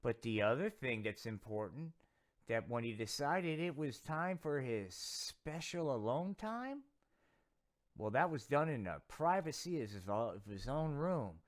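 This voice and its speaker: A man voicing a patient grown-up puppet mentor who lectures gently in a comedy puppet sketch. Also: medium pitch, very animated, a little slow.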